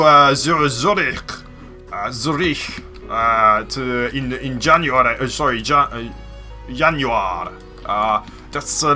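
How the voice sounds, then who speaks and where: A man putting on a mock German accent, playing a loud, blustering caricature of a German who stumbles over his words. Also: full character voice. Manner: raised pitch, loud, stumbling.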